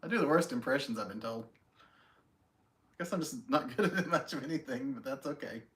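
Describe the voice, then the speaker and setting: A man's voice: medium pitch, lively intonation, brisk, fairly bright tone. Friendly man hosting a casual live stream. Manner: friendly, greets viewers by name, self-deprecating. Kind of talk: casual chat reading viewer comments.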